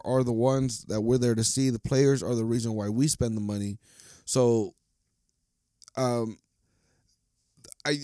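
A man's voice: mid-range voice, darkish tone, dry recording, studio quality. A man hosting a solo podcast, rambling and heated, swearing constantly as he vents. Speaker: podcast host. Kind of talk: casual solo podcast rant.

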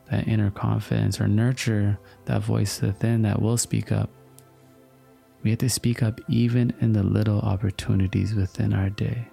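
A man's voice: on the low side, gravelly, dark tone. A man giving an earnest motivational talk, often checking in with "you understand?", with faint music behind him. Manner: earnest, repetitive, slow-paced, asks "you understand?".

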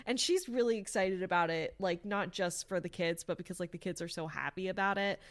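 A woman's voice: lowish voice, brisk. A woman in casual podcast chat, retelling a plot with lots of fillers, acting out the characters' lines and swearing now and then. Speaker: podcast co-host recapping a story.

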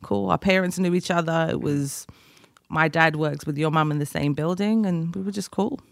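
Man, animated storyteller, gravelly, dry studio sound. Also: a little high, normal speed, no echo. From United Kingdom. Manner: storytelling, animated, laughs often. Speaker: guest musician. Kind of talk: casual podcast conversation.

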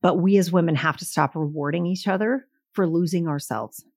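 A woman's voice: on the low side, fairly quick, a little mellow, no echo, studio quality. A middle-aged woman on a podcast, talking emphatically and telling stories with acted-out quotes. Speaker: podcast guest, sales coach. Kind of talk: podcast conversation.

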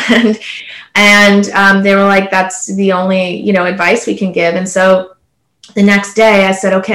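With a mid-range, somewhat bright voice, this woman from Canada, in her thirties, shares her story on a relaxed panel. She sounds earnest and chatty, filling her speech with "like" and "you know," and the audio has a roomy quality.

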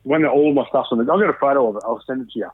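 Australian man in his 30s on a tinny phone line, dry, candid and profane, animated storyteller. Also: medium pitch, very fast, breathy edge, dry recording. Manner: candid, swears freely, animated retelling. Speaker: guest. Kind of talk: casual interview storytelling.

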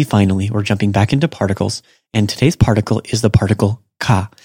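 A man hosting a podcast language lesson, explaining points in a relaxed, casual way. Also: fairly low pitch, slightly rough, dry recording, studio quality. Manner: relaxed, explanatory, talks through examples. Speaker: language teacher and podcast host.

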